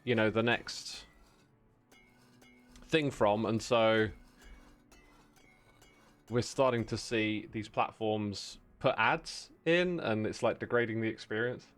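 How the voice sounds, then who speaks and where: A man's voice: on the low side, slow, pauses often, fairly bright tone, faint music behind. A man chatting casually with viewers while playing on a livestream, rambling and self-deprecating, laughing often.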